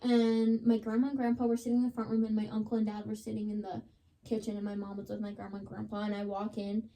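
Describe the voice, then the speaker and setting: Young woman telling a story, mellow voice. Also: medium pitch, monotone, quick pace. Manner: chatty, dramatic retelling, lots of "like". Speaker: podcast co-host. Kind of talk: casual chat, storytelling.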